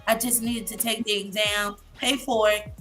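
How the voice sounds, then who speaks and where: A woman in her fifties sharing an emotional personal story as a guest on a live show, halting and full of fillers. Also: mid-range voice, fairly even intonation, a bit bright, faint music behind. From Massachusetts. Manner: halting, many fillers and restarts. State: emotional, near tears. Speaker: guest speaker, licensed therapist.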